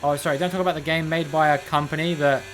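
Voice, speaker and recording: A man's voice: a little high, steady tone, fast, a bit bright, slight background noise. Joking, rambling male streamer. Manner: joking, rambling, sarcastic asides. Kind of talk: casual live commentary while gaming.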